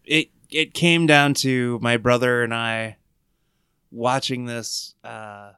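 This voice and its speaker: A man co-hosting a casual podcast, his voice smooth and clear at a middle pitch. He tells stories with a joking, animated manner. The sound is close and dry. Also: slow pace, no echo. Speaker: podcast co-host. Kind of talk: casual chat.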